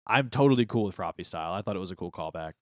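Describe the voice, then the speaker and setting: A man co-hosting a podcast in casual chat, enthusiastic and quick to laugh. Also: sits low, expressive, no room sound, studio quality. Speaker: podcast co-host discussing anime.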